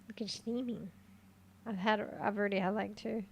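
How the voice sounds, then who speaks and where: A woman streaming a game live in casual chat, easily excited and swearing freely, swinging between quiet muttering and loud outbursts. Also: medium pitch, moderate pace, highs cut off, slight background noise.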